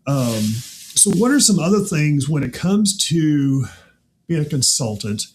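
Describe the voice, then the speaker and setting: A man who grew up in the Midwest, hosting a casual chat with an animated, laughing manner and frequent rhetorical asides. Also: a little high, unhurried, slight background noise. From American Midwest. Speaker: podcast host.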